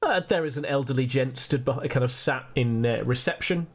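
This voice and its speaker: A man's voice: mid-range voice, noisy background. Man running a tabletop game. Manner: rambling, self-mocking and quick to laugh at himself. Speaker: game master.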